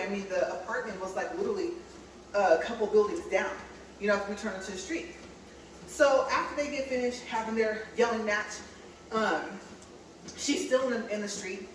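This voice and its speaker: A chatty woman from California tells a story to her viewers while walking on a treadmill, laughing often. Her voice rings around a very echoey room. The mic sits some distance away, with a faint hum of background noise. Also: on the high side. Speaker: vlogger.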